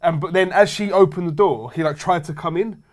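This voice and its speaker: Chatty young man, slightly high. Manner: swears freely, rapid chatty anecdotes with laughs. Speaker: show regular. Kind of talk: casual storytelling chat.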